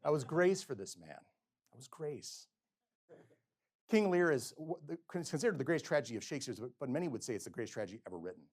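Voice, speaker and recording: A middle-aged male physician giving a lecture, telling stories and acting out quotes with sudden swings between loud and soft. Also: medium pitch, very animated, quick pace. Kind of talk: lecture with storytelling. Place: lecture hall.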